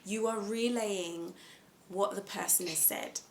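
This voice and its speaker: A woman speaking at home in a casual self-help talk, gentle and earnest, often restarting her sentences. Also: medium pitch, fairly even intonation, unhurried, gravelly, a little hiss or hum. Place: at home with a small child nearby.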